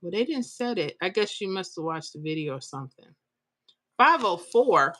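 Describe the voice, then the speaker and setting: A woman's voice: fairly low pitch, expressive, fast. A woman hosting a live stream. She reads viewer comments aloud and talks to her audience in an open, emotional way. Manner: emotional, tearful at times, talks straight to viewers. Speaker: lottery numbers YouTube host.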